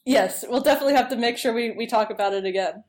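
A woman's voice: fairly high pitch, quick pace, slight background noise. A woman co-hosts a podcast and recaps an episode in casual chat. She is enthusiastic and chatty and laughs often. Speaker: podcast co-host.

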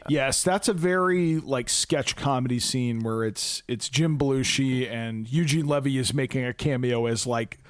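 A man's voice: medium pitch, moderate pace, hardly any pauses, clear, resonant tone, no room sound, clean studio sound. A man co-hosting a podcast, animatedly retelling movie scenes in casual chat and laughing often. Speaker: podcast co-host.

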